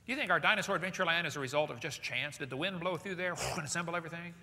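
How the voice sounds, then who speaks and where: A man giving a lecture to a live audience in a large hall, animated and jokey, firing rhetorical questions at the crowd. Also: a little high, racing, a little hiss or hum. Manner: jokey asides. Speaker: seminar speaker. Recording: long hall reverb.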